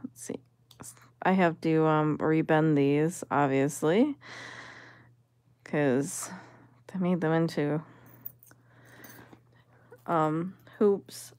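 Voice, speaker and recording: A woman's voice: on the low side, slow, long pauses, no echo. A woman vlogger giving casual commentary as she sorts vintage jewelry, musing and appraising each piece aloud.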